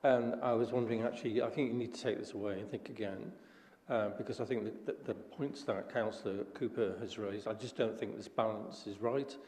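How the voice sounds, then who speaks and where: Male councillor, mellow gravelly voice, keeps repeating himself, big echoey hall. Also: lowish voice, steady tone, fairly quick. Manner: hesitant, repeating words. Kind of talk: council meeting debate speech. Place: large council chamber. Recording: roomy hall reverb.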